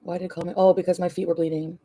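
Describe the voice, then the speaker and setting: A woman's voice: lowish voice, flat delivery, very fast, dark tone, no echo. A woman vlogger venting and ranting, swearing often and rambling. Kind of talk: ranting vlog.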